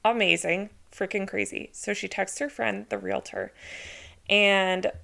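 Chatty woman podcaster with gravelly fry. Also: medium pitch, measured pace. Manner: chatty, excitable, many "like" fillers; introverted by her own account. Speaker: podcast host. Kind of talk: solo podcast storytelling.

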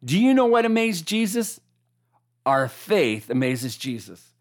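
A preacher delivering a sermon, animated, asking listeners to repeat key lines back. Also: medium pitch, a little slow.

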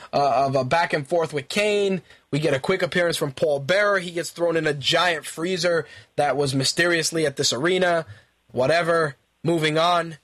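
A man with a high voice delivers ranting commentary as a radio host. His talk is profane and exasperated, and he fires off the same question again and again when he gets worked up. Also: fairly bright tone. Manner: repeats himself in angry bursts.

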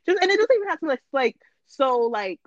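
A woman co-hosting a podcast in casual chat, slangy and animated, making long points. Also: sits high, brisk, dry recording, dull audio. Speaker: podcast co-host.

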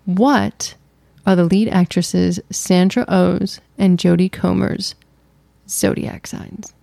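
A woman's voice: fairly low pitch, fairly even intonation, takes it slowly, gravelly, warm tone, no room sound. A woman co-hosting a podcast, chatting casually and teasing her co-host playfully. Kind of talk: casual chat.

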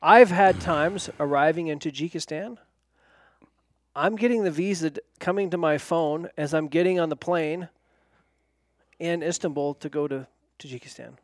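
A man speaking as a guest in a casual talk show, matter-of-fact and relaxed. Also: a little high, normal speed, dry recording, studio quality. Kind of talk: casual chat.

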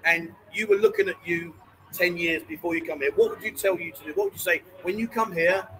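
A man's voice: high voice, brisk, fairly bright tone, slight background noise, poor audio. A man hosting a casual live stream from a bar, chatty and jokey, calling people mate and darling. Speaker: host.

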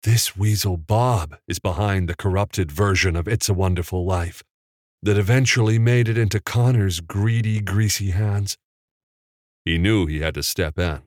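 A man narrating a novel in a measured, unhurried storytelling manner. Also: low-pitched, no room sound, studio quality. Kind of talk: audiobook narration.

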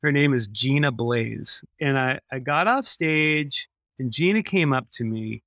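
A man's voice: medium pitch, expressive, measured pace, fairly bright tone, dry recording, clean studio sound. A man, a podcast guest, telling a personal story in an earnest way and repeating phrases for emphasis.

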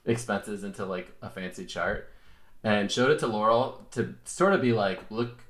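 A man's voice: on the low side, unhurried, fairly bright tone, roomy sound. A man telling a laughing, self-mocking story in a casual podcast chat. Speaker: podcast guest.

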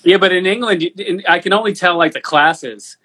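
A man's voice: high-pitched, brisk, bright, forceful tone, slightly rough. A man who works as a music producer, hosting a casual podcast chat and talking freely with casual swearing. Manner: talkative, swears casually, many restarts.

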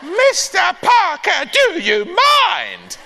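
A man voicing a cheeky, bossy old grandmother in a loud, shrill, animated voice, reading a storybook aloud to an audience. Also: very slow, vocal fry, a faint crowd, slight background noise, full character voice. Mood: mock shock. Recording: echoey live hall.

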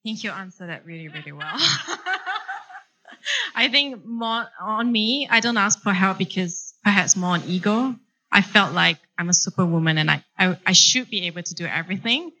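A woman's voice: fairly low pitch, fairly quick, pushed and bright, a little hiss or hum, rough recording. A woman on a live panel, talking reflectively and hesitantly, searching for words.

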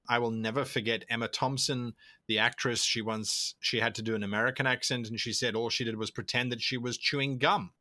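Animated bright-voiced man explaining eagerly. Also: mid-range voice, dry recording, clean studio sound. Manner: animated, explanatory, acts out quoted thoughts. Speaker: guest, tabletop role-play video creator. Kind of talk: conversational interview answers.

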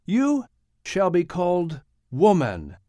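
A man's voice: sits high, wildly swooping pitch, takes it slowly, dark tone, dry recording, studio quality, voice pushed up, exaggerated voice. A man doing a solemn, tender first man.

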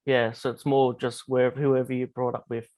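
An Australian man co-hosts a casual interview in a matter-of-fact tone. His delivery is very flat and level. The recording is dry and close. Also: medium pitch, moderate pace, no room sound. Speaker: podcast co-host.

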